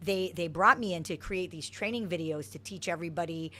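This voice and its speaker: A woman's voice: fairly low pitch, brisk. A middle-aged woman from Hawaii, a soccer coach, telling stories from her past with lots of energy in an interview. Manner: energetic, animated storyteller. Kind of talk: interview storytelling.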